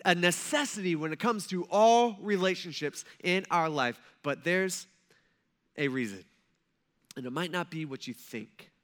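A male pastor gives an animated, conversational sermon in a high, bright voice. He keeps it casual and direct, as if talking with the congregation. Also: measured pace.

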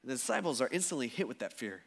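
A man preaching a sermon as pastor, telling the story in a casual, animated way with slang. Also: mid-range voice, quick pace, vocal fry.

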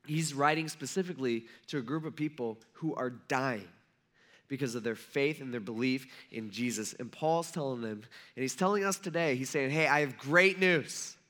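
A man preaching a sermon in a conversational way, acting out quotes with lively shifts. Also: medium pitch, normal speed. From United States. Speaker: pastor.

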